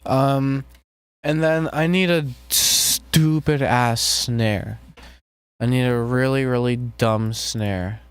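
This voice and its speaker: A man's voice: medium pitch, takes it slowly, slight background noise. A man making music on a live stream, chatting casually with viewers and joking as he works. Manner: relaxed, jokey, talks to chat while working.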